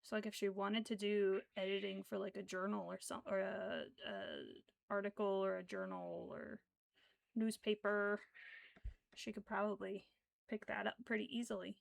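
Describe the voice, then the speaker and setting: In a mid-range voice with vocal fry and little pitch movement, a woman chats at normal speed during a crochet livestream, meandering with fillers and counting stitches half aloud. The recording is dry.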